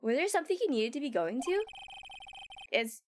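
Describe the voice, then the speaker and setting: A woman's voice: high voice, big pitch swings, moderate pace. A woman reading the lines of a loyal, bumbling male police detective from a game, chummy and eager. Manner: eager and chummy, calls people pal. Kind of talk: reading game dialogue aloud.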